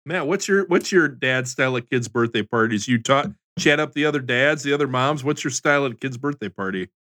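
A man's voice: mid-range voice, animated, fairly quick, a bit bright. A man hosting a podcast chat, putting questions to his co-hosts. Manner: inquisitive, leads the conversation. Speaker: podcast host asking questions. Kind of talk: casual chat.

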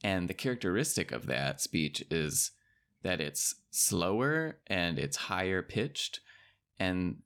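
Low-voiced man with a gravelly edge, thoughtful podcast co-host, casual and musing. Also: very animated, slow, fairly bright tone. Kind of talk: casual conversation.

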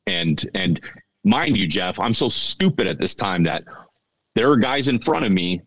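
A middle-aged man telling a story on a podcast in a halting, earnest way, often repeating his words. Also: sits low, sing-song, no echo, low-quality recording. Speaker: podcast guest. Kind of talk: casual storytelling.

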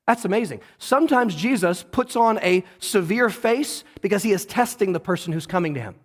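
A man's voice: sits high, expressive, moderate pace. A man pastor preaching a sermon in a church, earnest and conversational, often turning to the listeners with questions. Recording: long hall reverb.

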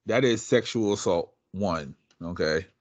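A man's voice: sits low, unhurried, no room sound, muffled recording. Teasing male podcast host. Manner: animated, teasing. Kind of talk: casual podcast banter.

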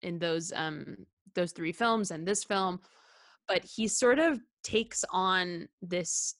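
A woman in casual podcast conversation, her voice sitting a little low and her delivery unhurried and slow. She talks earnestly with frequent hesitations and restarts. She sounds sincere and invested. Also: a bit bright. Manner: hesitant, many ums and restarts, laughs often; earnest and heartfelt. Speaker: podcast co-host. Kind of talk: casual film discussion chat.

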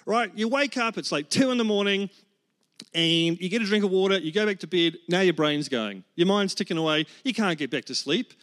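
Pastor guy cracking jokes in a sermon, highish voice, acts out little bits. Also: expressive, brisk, a bit bright. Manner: joking, storytelling with acted-out quotes. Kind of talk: humorous sermon.

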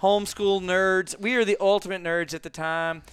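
A man telling stories casually as a guest, acting out quotes in lively bursts. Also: moderate pace, clear, resonant tone, no echo. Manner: animated, acts out quotes with big jumps in pitch. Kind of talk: casual storytelling.

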